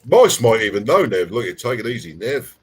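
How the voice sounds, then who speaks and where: A man's voice: lowish voice, sing-song, moderate pace, husky. A man guest hosting an online hangout, chatting casually and swearing freely as he tells stories. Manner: swears freely, storytelling with laughs. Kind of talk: casual profane chat. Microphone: video call.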